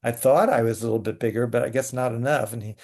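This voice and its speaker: Guesting on a casual interview, a man who writes and acts for the stage tells energetic theatrical tales. He talks quickly in a mid-range voice.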